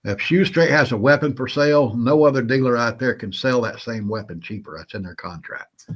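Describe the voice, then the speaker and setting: A man with a Southern drawl hosts a relaxed livestream. He calls out viewers by name in a folksy, chatty way, and his voice sits at an everyday middle pitch. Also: a little fast. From Southern United States. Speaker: host of a prepping livestream. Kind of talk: casual livestream chat.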